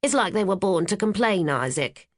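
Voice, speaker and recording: A woman's voice: medium pitch, lively intonation, normal speed, natural voice. Woman doing a stern old housekeeper. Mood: grumbling. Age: 50s. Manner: grumbling, blunt. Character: stern, sharp-tongued older housekeeper woman.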